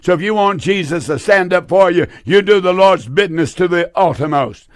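Male preacher with a high voice, fervent and repetitive, giving a Pentecostal sermon with a dry sound. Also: normal speed, dry recording.

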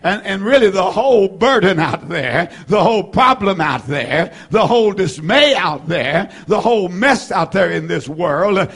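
A man in his seventies preaching a fervent sermon, repeating phrases, rising to shouts and filling gaps with "uh". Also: sits high, lively intonation, unhurried, few pauses, breathy edge. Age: 70s. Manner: fervent, repetitive preaching with frequent "uh" fillers and shouted peaks. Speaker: pastor.

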